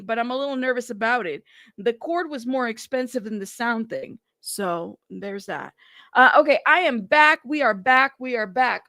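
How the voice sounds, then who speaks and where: A woman's voice: sits high, fairly bright tone, no room sound, studio quality. A woman from California hosting a casual true crime livestream, chatty and laughing, talking to her chat as y'all.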